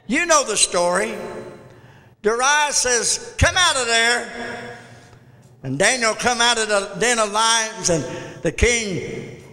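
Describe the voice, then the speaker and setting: A man preaching a fervent sermon in a church, his voice pitched very high and ringing bright. He repeats phrases and drives them up into shouted peaks. A long reverb trails every phrase through the sanctuary. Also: slow pace. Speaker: pastor. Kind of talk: Pentecostal sermon.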